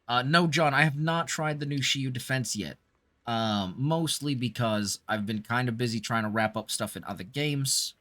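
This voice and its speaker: A man with a medium-pitched, fairly bright voice livestreams a game at a moderate pace, chatting casually with viewers and thanking them. Throughout, he puts on an accent as a celebrity impression.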